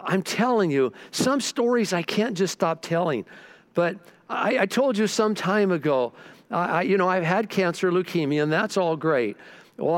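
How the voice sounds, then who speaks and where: A male pastor preaches with lively, animated delivery. His voice sits a little high for a man, and he stumbles over restarts before breaking into fervent, rising declarations. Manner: animated storytelling with repeated restarts, bursts of fervor. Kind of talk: sermon.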